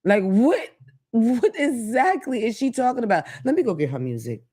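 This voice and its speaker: A woman's voice: a little high, moderate pace, breathy edge. A woman hosting her own talk show, ranting casually with blunt, profane commentary. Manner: blunt, profane, animated rants. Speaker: podcast host.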